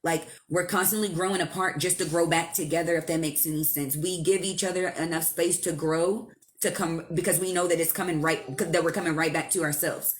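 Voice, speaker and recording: A woman hosting a casual live stream from home, giving spiritual advice in a blunt, profane, animated way. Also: on the low side, fairly quick, a little hiss or hum. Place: at home with her child nearby.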